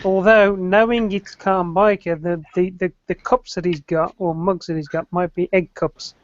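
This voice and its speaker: A man's voice: sits high, steady tone, moderate pace, no room sound, lo-fi sound. A man in casual online chat making dry remarks. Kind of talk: casual banter.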